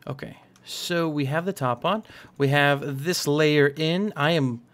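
Rambling young man, lightly high voice. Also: a little slow, a bit bright. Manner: rambling, self-mocking and jokey. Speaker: gaming channel host. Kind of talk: casual let's-play commentary.

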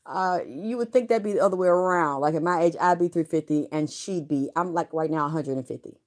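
Low-voiced middle-aged woman, frank and rambling. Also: brisk, darkish tone. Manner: frank, rambling, salty, with profanity. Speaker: vlogger. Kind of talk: candid personal storytelling.

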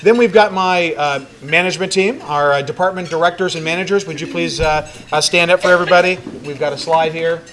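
A man's voice: a little high, a little fast, hardly any pauses, noisy background. A man speaking as a mayor addressing a large banquet room, joking and conversational, with frequent fillers. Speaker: mayor giving a city address. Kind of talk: public speech to a crowd.

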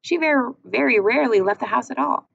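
A woman narrating an audiobook in a measured, expressive reading. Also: on the high side, creaky. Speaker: audiobook reader. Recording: muffled with faint hiss.

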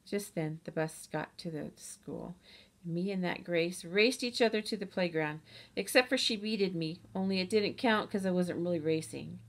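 A woman reading a storybook aloud in the voice of a chatty, boastful kindergarten girl who tells her own story with lively, childlike grammar. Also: lowish voice, normal speed. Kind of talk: audiobook reading.

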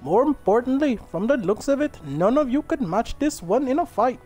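A man's voice: extremely high pitch, big pitch swings, moderate pace, a little mellow, slightly rough, faint music behind, pitched above the performer's own voice, full character voice. A man putting on a proud warrior lord with an Indian accent. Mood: curious. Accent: put-on Indian. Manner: stately, courteous.

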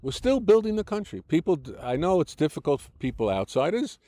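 A man's voice: fairly high pitch, sing-song, fairly quick, dark tone, dry recording, clean studio sound. An older American-born man with an American accent, giving an interview in an argumentative, lecturing way, restarting sentences often. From United States. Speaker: interview guest.

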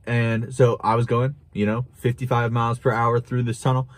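A young man telling a wild story to camera in a casual, animated way, laughing and swearing as he goes. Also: medium pitch, normal speed. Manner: animated, chuckling, swearing, with restarts. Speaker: vlogger.

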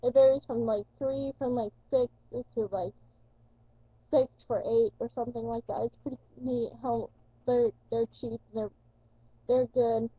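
A woman's voice: fairly high pitch, steady tone, unhurried, husky, no echo. A teenage woman vlogging in casual chat, rambling, correcting herself and swearing casually. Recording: dull lo-fi dry recording.

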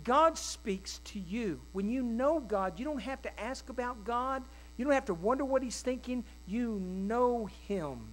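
A male pastor preaching a sermon in a folksy, animated way, with quick asides and acted-out quotes. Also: very high-pitched, rough recording. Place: church.

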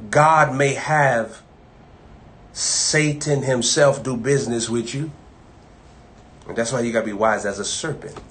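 A man preaching an informal live-streamed sermon, talking conversationally and repeating himself, moving from loud bursts to low asides.

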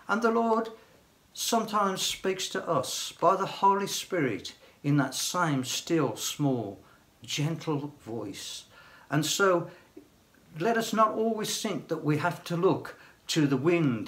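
Slow, gentle older man preaching. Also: on the high side. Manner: slow, gentle delivery, softening to near hush on key phrases. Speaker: church elder preaching. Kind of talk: sermon.

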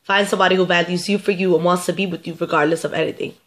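A woman's voice: lowish voice, fairly even intonation, racing, fairly bright tone. A young woman vlogger with a stuffed-up nose, chatting casually and giving advice straight to her viewers and often repeating herself. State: stuffed up, getting sick. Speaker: vlogger answering viewer questions.

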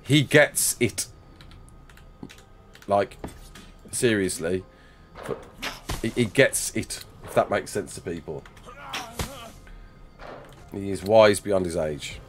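Soft music plays behind a young English streamer whose voice sits low. He speaks slowly with frequent pauses, casually chatting as he plays a game live and reading aloud viewer comments he then answers, via a desk mic and face cam.

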